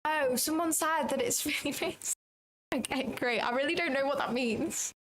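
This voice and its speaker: A woman's voice: high voice, moderate pace, a bit bright, slight background noise. Chatty woman thinking aloud while trading. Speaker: trading livestream host. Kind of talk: live commentary while trading.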